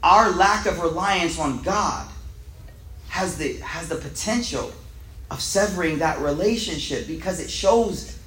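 A man with a high voice leads a casual religious lesson, and his speech rings around an echoey room. He rattles off Arabic text at speed, then breaks it down in slangy street English. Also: a bit bright, a little hiss or hum. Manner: reads Arabic lines quickly, then explains them in slangy everyday English. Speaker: teacher of a weekly Islamic class.

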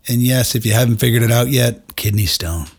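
Middle-aged male podcast host, husky voice, candid and self-deprecating storyteller who talks straight to his listeners. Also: medium pitch, a little fast. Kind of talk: personal storytelling monologue.

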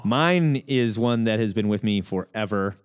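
A man co-hosting a comic book call-in podcast, chatting casually, animated and often laughing. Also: fairly low pitch, unhurried, clear, resonant tone. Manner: animated, laughing, mocks accents in exaggerated bursts. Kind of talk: casual chat.

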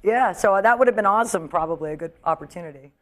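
A woman's voice: medium pitch, fast. Chatty comedian woman telling stories. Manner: chatty, animated storyteller, acts out quotes. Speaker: comedian guest. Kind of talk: casual talk-show chat.

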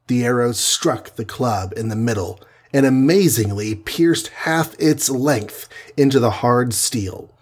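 A man with a husky voice narrating a superhero adventure story in an even storytelling manner. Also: mid-range voice, a little slow, few pauses. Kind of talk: audiobook narration.

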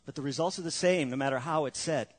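A man's voice: on the high side, fast. A male pastor preaching a sermon, earnest and emphatic, with frequent rhetorical questions.

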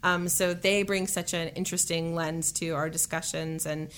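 A woman's voice: lowish voice, fairly even intonation, normal speed, fairly bright tone, smooth. A young woman chatting as an interview guest, talkative and cheerful, laughing often and using many fillers. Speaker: musician and voice actor guest. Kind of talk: casual interview chat.

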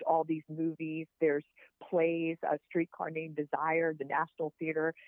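A woman's voice: deep voice, dry recording. Earnest woman on a tinny phone line. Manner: earnest, heartfelt, encouraging. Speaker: podcast guest. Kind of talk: personal storytelling over a call.

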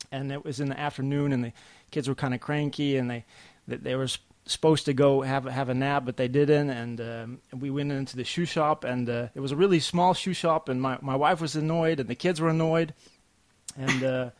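A man, a podcast guest telling a family story in a halting, lively way. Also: mid-range voice. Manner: halting, restarts often, lively when telling stories. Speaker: podcast guest, comic artist. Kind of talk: casual storytelling chat.

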